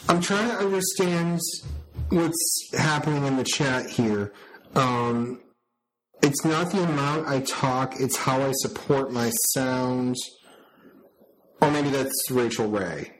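A man hosting a podcast, slightly hoarse, telling stories in casual chat and laughing easily. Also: mid-range voice, slow pace, slight background noise, rough recording. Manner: chatty, storytelling, laughs easily. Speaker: podcast host.

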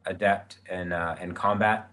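A man with a low voice runs a tabletop game for a group of players. He explains the setup casually, circling back and restarting his sentences as he goes. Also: fairly even intonation, measured pace, pushed and bright. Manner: rambling and hesitant, full of restarts. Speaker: game master.

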